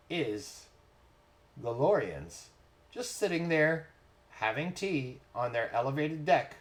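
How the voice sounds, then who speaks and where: A man runs a tabletop game with an ordinary mid-range voice. He teases the players, laughs a lot and keeps the turns moving. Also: medium pitch. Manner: laughs often, teasing and animated. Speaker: game master.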